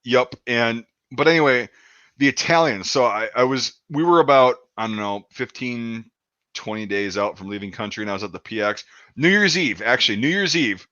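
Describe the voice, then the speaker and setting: A man's voice: mid-range voice, expressive, normal speed, bright, forceful tone, no room sound, muffled recording. A man in his thirties telling a rambling story in casual chat, swearing often and acting out quotes. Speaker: podcast host.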